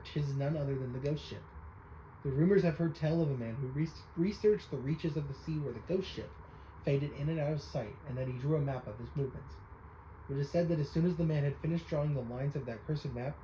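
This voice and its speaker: A man's voice: fairly high pitch, warm tone, roomy sound, a little hiss or hum, close to an everyday voice, rough recording. A man voicing an eccentric old male pictograph enthusiast, reading game dialogue aloud in old-fashioned formal speech and calling the listener young sir. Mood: solemn.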